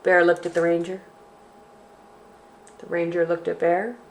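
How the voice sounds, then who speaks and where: A woman hosting a library storytime for children, reading a picture book aloud in an expressive, sing-song way. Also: fairly low pitch, unhurried.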